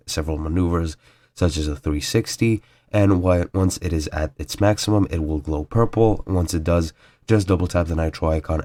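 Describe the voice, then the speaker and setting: Guy with a super deep voice and a stuffy nose from a cold, chatting thru a game tutorial, lots of uhs. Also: a little mellow, no echo. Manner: chatty, with fillers and stumbles. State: nasal from a cold. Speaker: gaming tutorial creator. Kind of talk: casual gameplay tutorial voice-over.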